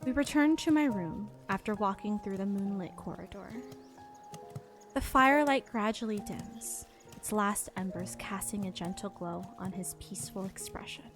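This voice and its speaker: A young woman streamer reading a game's story and dialogue aloud, soft and expressive. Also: medium pitch, moderate pace. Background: game music.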